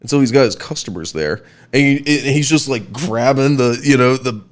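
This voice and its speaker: A man co-hosting a podcast, chatting casually and telling a lively story with lots of "like" and "you know". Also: mid-range voice, moderate pace. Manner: lively, chatty, with many fillers and restarts. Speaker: podcast co-host.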